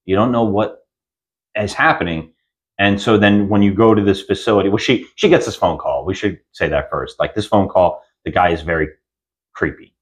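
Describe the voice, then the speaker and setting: Low-voiced and moderately paced, this podcast co-host chats casually about films, recounting one in a loose, meandering way with frequent restarts.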